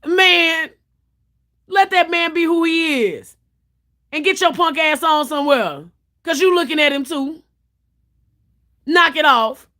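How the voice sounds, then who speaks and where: A woman hosting a livestream chats casually and tells stories bluntly, swearing plenty. Her voice is high, bright, and forceful.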